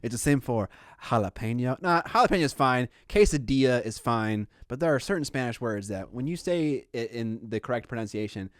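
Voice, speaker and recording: A man's voice: medium pitch, lively intonation, a little fast, hardly any pauses, no echo, clean studio sound. A man from the United States co-hosting a podcast, easygoing, swearing and laughing along. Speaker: podcast co-host. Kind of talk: casual chat.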